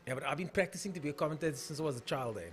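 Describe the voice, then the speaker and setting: This young South African man hosts a relaxed drag racing live stream, calling each race and chatting through viewer comments. His voice sits on the high side, a bit bright, and he talks at a racing pace.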